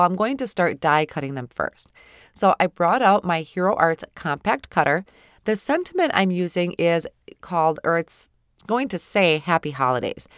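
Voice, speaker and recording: A woman's voice: fairly low pitch, clean tone, dry recording, studio quality. Congested woman narrating a craft tutorial. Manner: relaxed, explanatory, occasional stumbles over words. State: congested from a cold. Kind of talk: voice-over craft demonstration.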